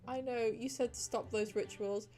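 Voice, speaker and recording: Woman voicing stubborn overworked wife, pleading tone, higher voice, soft music behind. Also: steady tone, normal speed, natural voice. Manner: pleading, bargaining. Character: overworked stubborn young witch-town wife.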